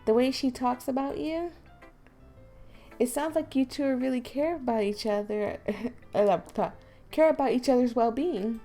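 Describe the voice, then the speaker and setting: A composed, kindly teen girl who runs a school club speaks in a soft, sweet, slightly raised voice, as a woman plays her. She takes her time, and a light fry colors her words. Faint music sits behind her. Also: high voice, unhurried, pitched above the performer's own voice. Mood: gentle. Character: poised gentle teen girl, club president. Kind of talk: voice acting a visual novel.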